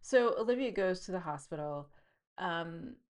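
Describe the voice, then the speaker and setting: A woman with a low voice reads from her own book in an even narrating tone. Between passages she talks loosely with the listener, using fillers and quick asides. The pitch sits deep for a woman throughout. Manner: reads the scene plainly, then breaks into chatty asides. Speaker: author reading and commenting on her novel. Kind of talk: book reading with commentary.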